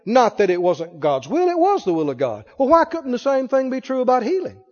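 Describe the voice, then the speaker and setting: A pastor with a very high voice preaches to his congregation and keeps firing questions at them. His voice rings through a large hall with a long tail of reverb. The recording is dull and lo-fi. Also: huge pitch swings, a little mellow. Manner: asks the congregation rapid questions. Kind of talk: sermon.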